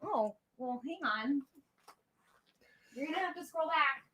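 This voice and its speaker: High, bright, giggly woman on a stream. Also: expressive, unhurried. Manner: giggly, reads out viewer comments. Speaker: co-host of a book channel livestream. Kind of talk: casual livestream chat.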